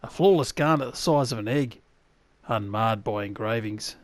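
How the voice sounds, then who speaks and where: A man's voice: mid-range voice, moderate pace. A man with an Australian accent hosting a let's-play, chatting and thinking aloud with sudden exclamations. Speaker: gaming channel host. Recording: loud game noise behind the voice.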